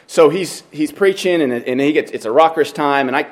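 A pastor preaching a sermon, working through scripture passage by passage and growing more animated as he tells a story, sometimes restarting his sentences. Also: a little high, moderate pace. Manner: expository, animated when telling stories.

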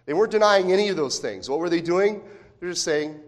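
A pastor with a high voice preaches a sermon, sounding animated and a little fast. He keeps it conversational, asking frequent rhetorical questions and repeating words as he restarts phrases.

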